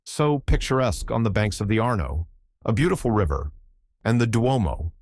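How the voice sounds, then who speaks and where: A man reading as a daring young woman in a storybook, arch and playfully needling as she lays her traps. His voice stays low and dry, lifting only a little for her. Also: big pitch swings, normal speed, a little mellow, dry recording. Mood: teasing. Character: bold, teasing young woman adventurer. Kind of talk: audiobook character reading.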